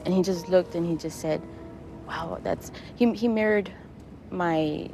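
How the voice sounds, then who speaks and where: A woman giving an emotional interview, speaking haltingly and repeating her words. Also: fairly low pitch, music in the background. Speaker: interviewee recounting her past.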